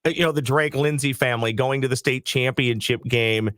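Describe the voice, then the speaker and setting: A man's voice: mid-range voice, fairly even intonation, brisk, fairly bright tone, no echo, studio quality. A man co-hosting a sports chat show, talking earnestly and building his point through repetition. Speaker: sports podcast co-host.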